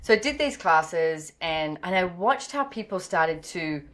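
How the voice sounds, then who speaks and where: A woman's voice: lowish voice, a little slow. An Australian woman, a business author as guest, telling stories in a casual interview and acting out the dialogue she quotes, on a remote call. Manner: lively storyteller, acts out quoted dialogue.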